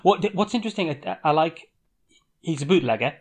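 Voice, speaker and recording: A man's voice: a little high, sing-song, brisk, husky. A man co-hosting a casual board game podcast, easygoing, reading card text aloud and chatting. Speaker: podcast co-host.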